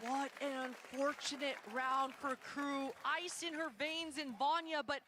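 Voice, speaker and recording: A high-voiced woman gives measured color commentary, breaking down the tactics of an esports match. Noise from the rebroadcast stream sits under her voice. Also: flat delivery. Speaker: esports analyst.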